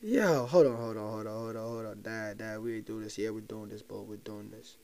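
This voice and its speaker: A man's voice: fairly low pitch, a little fast, a little mellow. A young man hosting a solo podcast, ranting loosely and profanely and talking straight to his listeners as if sharing a secret. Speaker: podcast host. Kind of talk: casual solo podcast rant.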